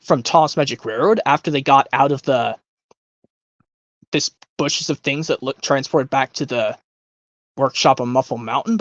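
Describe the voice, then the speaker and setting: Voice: medium pitch, no room sound. A streamer chatting casually between voice impressions, rambling and hesitant as they pile up fan trivia.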